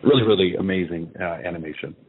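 A man's voice: deep voice, fast. A man, an actor and producer, chatting as a guest over the phone, rambling with lots of fillers and restarts. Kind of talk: casual interview over a phone line. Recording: tinny phone line with faint noise.

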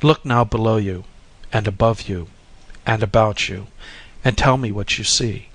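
A man doing a calm, gentle sage. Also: on the low side. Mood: serene. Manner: soft, unhurried, reassuring.

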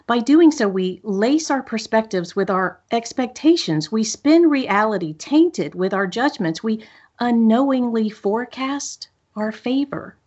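A woman's voice: fairly high pitch, dull audio. A woman hosting a solo podcast at a studio microphone, upbeat, reflective and encouraging as she talks to listeners. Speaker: podcast host.

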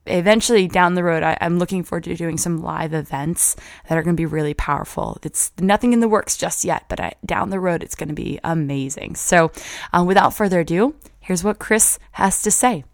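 A woman in her thirties hosting a motivational podcast, warmly earnest and upbeat. Her voice sits a little low, and she doubles words when she gets excited. The sound is dry and close. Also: a little fast, gravelly, no echo. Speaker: podcast host.

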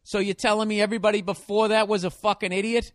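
A man's voice: sits high, level tone, fast talker, no room sound, clean studio sound. A man hosting a solo podcast, rambling in a sarcastic, profanity-heavy rant. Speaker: podcast host.

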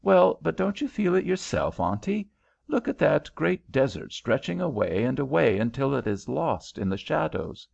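A man's voice: medium pitch, big pitch swings, normal speed, vocal fry, darkish tone, dry recording, voice pushed up, exaggerated voice. A man voicing an earnest, wondering young American girl in a storybook reading. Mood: awed. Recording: dull lo-fi recording.

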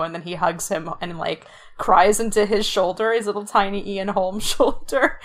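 Woman podcast cohost, rambly and sweary, laughs a lot, mid pitch. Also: fairly even intonation, brisk. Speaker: podcast co-host. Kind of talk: casual chat.

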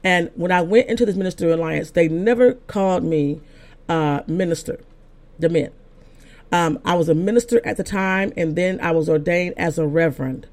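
A woman's voice: lowish voice, normal speed, a little mellow. An older woman, an apostle and pastor, preaching a sermon as a personal story, talking conversationally with frequent restarts and building to emphatic points. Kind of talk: sermon told as personal testimony.

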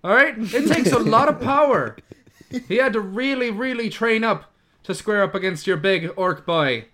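A man with a high, bright voice who talks fast and pleads his case in character. His rapid, hustling delivery sounds like a salesman defending his fighter. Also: lively intonation. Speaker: player. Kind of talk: in-character tabletop role-play.

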